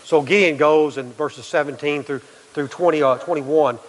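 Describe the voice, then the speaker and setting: Pastor, male, slightly high voice, conversational preaching with long hall reverb. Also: normal speed. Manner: conversational preaching, acts out quotes, repeats words. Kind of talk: sermon.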